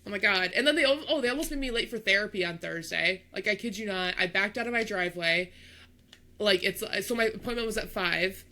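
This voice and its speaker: A young woman co-hosting a podcast, telling a story in casual chat, animated and acting out the people in it. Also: mid-range voice, brisk. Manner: animated storyteller, acts out voices, laughs. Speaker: podcast co-host.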